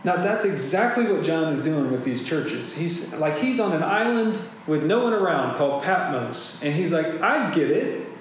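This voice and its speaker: Casual preacher in a very echoey room. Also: male voice, on the high side, lively intonation, normal speed, few pauses. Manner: casual, conversational preaching with asides. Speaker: pastor. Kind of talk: sermon. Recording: very echoey room, faint hum.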